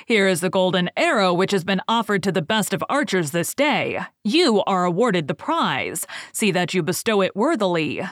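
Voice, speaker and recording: Storybook sheriff: a haughty, cold man voiced by a woman narrator, slow and clipped, low and dry. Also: big pitch swings, no echo. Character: cold, haughty middle-aged male sheriff.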